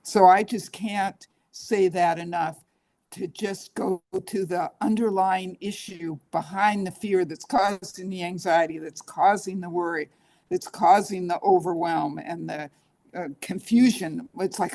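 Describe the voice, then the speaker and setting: A woman's voice: lowish voice, steady tone, a little slow, warm tone. A woman therapist being interviewed, talking earnestly and coaching, often acting out her clients' inner voices. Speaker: guest therapist. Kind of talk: interview conversation.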